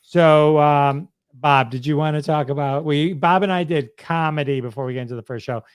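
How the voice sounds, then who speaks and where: A man's voice: fairly high pitch, normal speed, clear, resonant tone, no room sound. A man hosting a casual live-stream chat show, upbeat and chatty, with an announcer-like voice. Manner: upbeat, chatty, laughs often. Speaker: podcast host.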